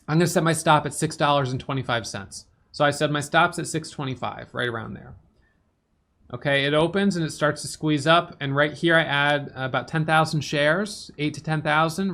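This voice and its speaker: A tired man casually recapping his day's stock trades, talking fast with lots of fillers and restarts. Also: creaky, fairly bright tone. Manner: fast, filler-heavy talk with restarts, "boom" for quick actions. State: tired, yawning.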